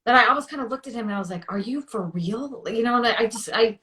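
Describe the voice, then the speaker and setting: A woman's voice: a little high, racing, bright, forceful tone, roomy sound. A woman in her thirties telling her personal story as an interview guest, chatty with many fillers and acting out quotes.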